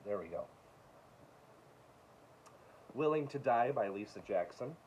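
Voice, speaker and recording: A man casually showing his book collection, reading titles aloud with quick offhand asides. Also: medium pitch, lively intonation, a little mellow, lo-fi sound, slight background noise. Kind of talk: casual show-and-tell of books.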